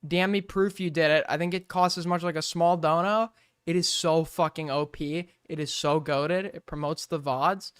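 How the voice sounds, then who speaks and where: Male streamer, smooth voice, dry close mic, sarcastic and sweary. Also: fairly high pitch, fairly even intonation, normal speed, no room sound. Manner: joking, sarcastic, rambling, swears a lot. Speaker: streamer reacting to a clip. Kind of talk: casual reaction commentary.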